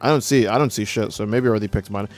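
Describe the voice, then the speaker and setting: A young man streams a game live, chatting loosely and reading donations aloud in a laid-back, foul-mouthed way, his voice leaping up when excited. He talks very fast over soft background music.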